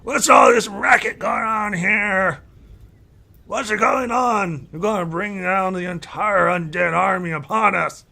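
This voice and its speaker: A man voicing a loud, cranky old male elf elder who yells and scolds. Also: high voice, measured pace, vocal fry, voice pushed up, exaggerated voice. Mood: indignant. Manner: yelling, scolding.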